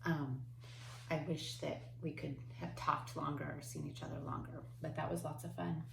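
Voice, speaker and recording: A woman teaching kindergarten remotely from home, speaking slowly and patiently in simple words for young children. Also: mid-range voice, creaky, darkish tone, reverberant, slight background noise. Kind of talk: remote class lesson.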